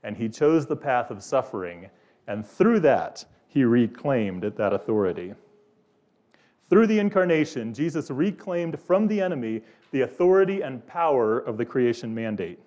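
A man's voice: medium pitch, sing-song, normal speed, mellow. A male pastor preaching an earnest sermon, posing questions to his listeners.

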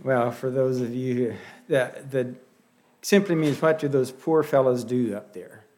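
Halting man preaching with a Pennsylvania Dutch accent. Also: medium pitch, a little mellow. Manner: halting, with many restarts and fillers; folksy, with light humor. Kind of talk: sermon.

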